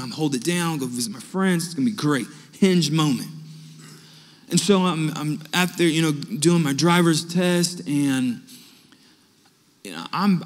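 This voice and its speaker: A young adult man preaching a sermon, telling personal stories and acting out the dialogue with lively energy. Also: fairly high pitch. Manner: animated anecdotes with acted-out dialogue. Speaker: pastor. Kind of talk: storytelling sermon. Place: church sanctuary. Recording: long hall reverb.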